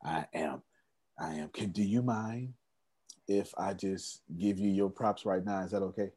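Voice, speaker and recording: Low husky man praising his team. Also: steady tone, unhurried, dark tone. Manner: encouraging, repeats himself. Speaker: host. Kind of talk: casual group video meeting.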